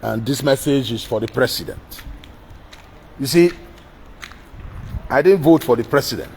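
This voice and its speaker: A man's voice: mid-range voice, measured pace, darkish tone, a little hiss or hum, poor audio. A man with a Nigerian accent giving a blunt political monologue, speaking straight to the president and repeating his points. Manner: blunt, repetitive, addressing the president directly. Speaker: political commentator. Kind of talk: direct-address political monologue.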